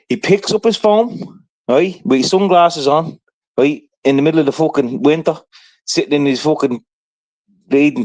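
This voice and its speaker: A man's voice: mid-range voice, a little mellow. A man telling a rambling, profane story in casual livestream chat, peppering it with "right?".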